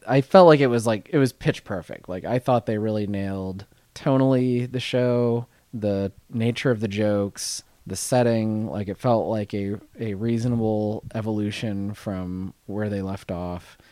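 A man's voice: lowish voice, unhurried, few pauses, a little mellow, no room sound, clean studio sound. A man co-hosting a podcast in an office, rambling casually and laughing often. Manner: rambling, laughs often, puts on silly voices. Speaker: podcast co-host. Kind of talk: casual chat.

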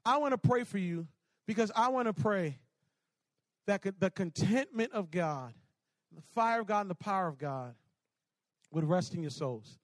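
A man preaching a sermon, telling stories in an animated, repetitive way, then leading a prayer. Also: high voice, dry recording. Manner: animated, repetitive storytelling with laughs. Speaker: pastor.

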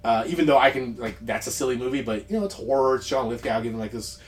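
A man co-hosting a podcast, chatting casually about movies, rambling with quick asides and frequent laughs. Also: medium pitch. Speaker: podcast co-host.

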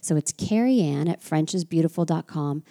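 A woman from the United States, a French teacher hosting a podcast, talking reflectively and drawing out key words slowly. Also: low-pitched, expressive, warm tone.

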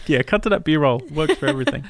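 Casting: Mann als Podcast-Co-Host, trockener Humor, flucht gern, sehr trockener Raumklang. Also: male voice, a little high, lively intonation, fast talker, no room sound, studio quality. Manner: wry, sweary, scrubbing through footage while talking. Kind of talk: casual movie commentary chat.

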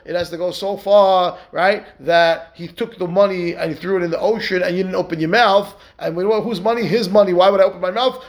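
Male rabbi teaching Talmud, with a raised pitch and a gravelly edge. He reads the text aloud, then unpacks it in a conversational question-and-answer way. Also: fairly quick, hardly any pauses. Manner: explains step by step, asks and answers rhetorical questions; keeps checking in with "right?". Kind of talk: Talmud study lesson.

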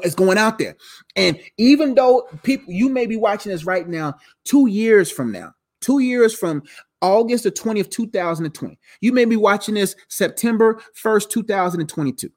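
A man's voice: sits high, a little mellow. A tired man teaching the Bible live in a casual, slangy way, repeating words as he goes. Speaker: preacher streaming live.

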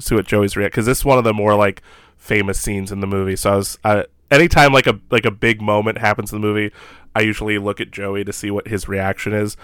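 A man's voice: on the low side, a bit bright, clear, resonant tone, dry recording, clean studio sound. A man co-hosting a podcast, recapping a horror film in casual chat, laughing often and acting out quoted lines. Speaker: podcast co-host.

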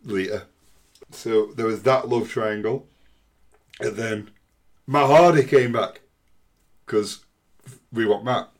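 Dry, low-voiced man. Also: slow, pauses often. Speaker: podcast co-host. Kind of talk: casual chat.

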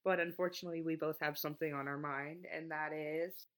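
A man's voice: fairly high pitch, fairly even intonation, fairly quick, a bit bright, clean tone. Giggly, hesitant podcast co-host, a man. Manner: giggly, hesitant, lots of ums. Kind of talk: casual comedic chat.

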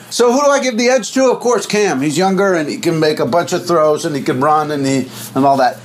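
A man's voice: lively intonation, brisk, few pauses, slight background noise. Goofy rambling male podcast host. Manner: loose, goofy, swoops up and down in pitch. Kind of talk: casual rambling monologue.

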